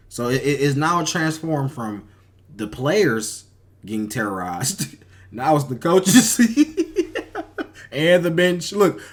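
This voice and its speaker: Animated laughing male reaction streamer. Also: on the high side. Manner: animated, laughing, slangy exclamations. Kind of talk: casual reaction commentary.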